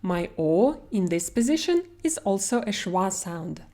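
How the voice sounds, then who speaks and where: A young woman with a Russian accent teaching pronunciation, unhurried and deliberate. Her voice is soft and mellow, and she draws out each example word so learners can follow. Faint music plays softly behind her. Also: medium pitch, sing-song. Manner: slow, careful, stretching out example words. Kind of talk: online language lesson.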